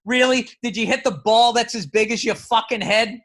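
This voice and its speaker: A podcast co-host, a man, holds forth in casual chat, heated and profane. His voice sits high and sharp. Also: steady tone, normal speed.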